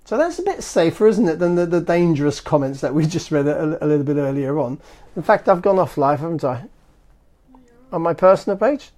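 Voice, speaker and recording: A man's voice: on the high side, animated, brisk, a little mellow. A man hosting a marketing live stream from his phone, chatting casually and rambling, with many fillers and restarts.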